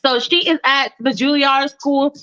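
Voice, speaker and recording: A high-voiced woman tells a story off the cuff, rambling and slangy with plenty of swearing. She talks straight to her listeners like friends. The recording sounds dull and lo-fi. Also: a little slow, bright, forceful tone. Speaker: storyteller, podcast host. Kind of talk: casual improvised storytelling.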